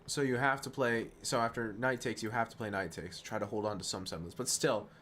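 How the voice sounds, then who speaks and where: Excitable young-sounding male chess streamer. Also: on the low side, slight background noise. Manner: excitable and self-mocking, talking fast through move lines; drops to quiet muttering when frustrated. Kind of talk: casual live-stream game commentary.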